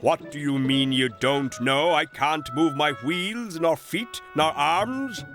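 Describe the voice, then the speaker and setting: A man's voice: medium pitch, very animated, slow pace, over music. A man doing a pompous, boastful digger. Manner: pompous, self-important. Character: boastful proud male digger machine. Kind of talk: storybook character voice.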